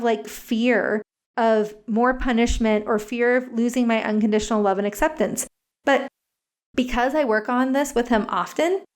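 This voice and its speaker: Woman guest, earnest and explanatory, fairly high voice, casual podcast talk. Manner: earnest, explains step by step with frequent "like" fillers. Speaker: guest parenting educator. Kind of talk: conversational interview explanation. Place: podcast recording.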